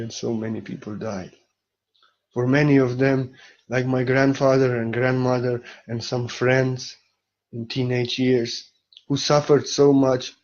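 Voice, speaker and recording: Man, spiritual speaker: very slow, soft and reflective delivery with pauses, dull lo-fi recording. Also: mid-range voice. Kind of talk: spiritual talk.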